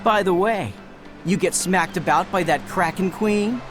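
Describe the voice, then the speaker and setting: An actor voicing an excitable fisherman villager in a video game. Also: mid-range voice, a little slow, music in the background, lightly acted. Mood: animated.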